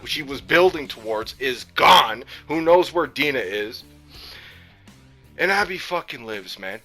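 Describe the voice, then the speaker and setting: A man ranting about a video game, heated and profane, swinging between loud outbursts and low muttering. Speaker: gaming YouTuber. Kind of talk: angry game rant.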